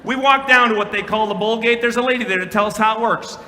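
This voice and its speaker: Minnesota guy doing a keynote story, high piercing voice, big echoey conference hall. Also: fast. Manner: dramatic storyteller, swings from loud shouted punchlines to soft hushed lines. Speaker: keynote speaker. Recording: long hall reverb, faint room noise.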